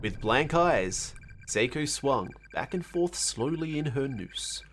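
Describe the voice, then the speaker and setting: A man's voice: mid-range voice, lively intonation, takes it slowly, fairly bright tone, slight background noise. An Australian man streaming a horror game, joking wryly and reading its text aloud. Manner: wry and jokey. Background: faint game music.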